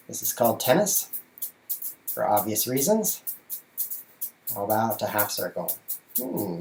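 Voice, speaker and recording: Broadcasting from his bedroom, this chess streamer and show host talks in a medium-pitched, darkish voice. He keeps things jokey and playful while juggling and narrating his own actions on a casual livestream.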